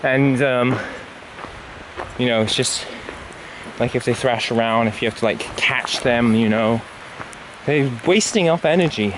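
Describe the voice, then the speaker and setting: A slightly winded man vlogs his uphill hike on a handheld camera, speaking a little slowly in a medium pitch. He rambles and muses through lots of filler words while background noise carries on.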